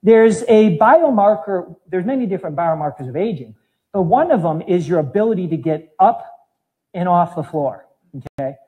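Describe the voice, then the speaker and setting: Lively high-voiced man in his fifties. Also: normal speed, rough recording. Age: 50s. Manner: animated, demonstrating with his body as he talks. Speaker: fitness trainer. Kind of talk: live talk to an audience.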